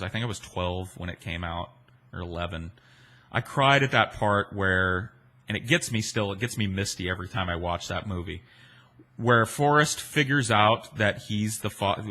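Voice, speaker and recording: A man's voice: lowish voice, pushed and bright. A man in his forties, a podcast host, telling stories and answering listener questions in a rambling, profane, self-deprecating way. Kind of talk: casual storytelling chat.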